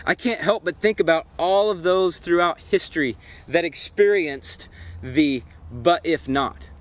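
Outdoors by a campfire, a Bible teacher leads a devotional study, his voice on the high side and his pace measured. He speaks earnestly and reflectively, putting direct questions to those listening.

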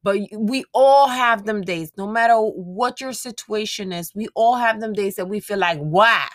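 A woman's voice: medium pitch, a little slow, dry recording. A woman hosting her own show, giving a casual motivational monologue to her listeners, frank and profane, laughing often. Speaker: podcast host.

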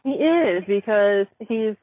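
A woman's voice: mid-range voice, animated, takes it slowly. A woman in casual chat about a cartoon, rambling, swearing and fumbling for names. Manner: profane, rambling, forgets names. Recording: dry tinny phone-like line.

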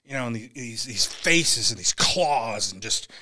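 A man's voice: mid-range voice, lively intonation, measured pace, bright, forceful tone. A man, a podcast guest, telling a vivid, profane story and acting out the voices in it. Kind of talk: animated storytelling.

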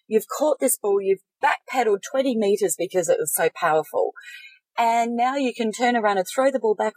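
A middle-aged woman, giving calm, measured coaching advice in a casual podcast chat. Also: fairly high pitch, dry recording, rough recording. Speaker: podcast co-host, life coach.

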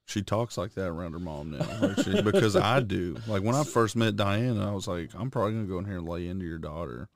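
A man's voice: low voice, fast talker. A young man co-hosting a podcast, joking crudely in casual chat. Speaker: podcast co-host.

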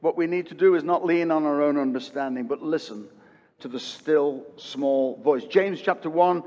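A pastor in his fifties preaching a sermon, swinging from loud emphatic peaks to hushed quiet and repeating phrases for emphasis. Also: fairly high pitch, normal speed, in a large hall, highs cut off. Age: 50s. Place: church.

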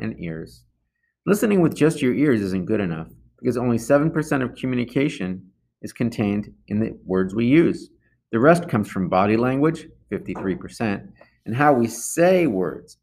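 A man's voice: medium pitch, darkish tone. A man reading a self-help book aloud in an earnest, amateur audiobook style, with some slips and restarts. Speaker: audiobook reader.

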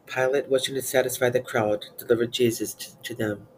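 A man reciting psalms and liturgical prayers in a steady, measured way. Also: medium pitch, slight background noise, poor audio. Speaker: prayer reader.

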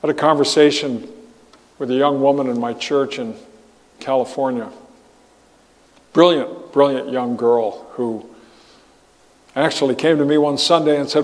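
A man preaching as a pastor, earnest and halting, often restarting his phrases. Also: medium pitch, fairly even intonation, big-room sound. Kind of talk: sermon.

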